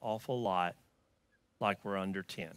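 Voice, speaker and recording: Southern man preaching with bright tone. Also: low-pitched, a little slow, clear, resonant tone, dry recording. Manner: storytelling, swings from loud emphatic to quiet and hushed. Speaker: pastor. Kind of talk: sermon.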